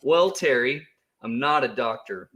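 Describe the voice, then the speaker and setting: A man's voice: mid-range voice, lively intonation, measured pace, a bit bright. A man co-hosting a casual livestream, joking around with his co-host and reading viewer chats in a playful, teasing way. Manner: joking, playful, slips into silly voices.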